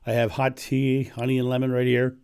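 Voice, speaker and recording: A hoarse man with laryngitis hosting a casual livestream from home, chatting and laughing often into his microphone. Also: medium pitch, completely flat delivery, fairly quick, a little mellow. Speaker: livestream host. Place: home in Ohio. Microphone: microphone turned up.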